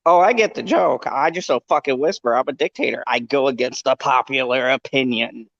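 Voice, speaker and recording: Excitable guy ranting casual, swears a lot, dry muffled mic. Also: medium pitch, brisk, gravelly, dry recording. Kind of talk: casual chat.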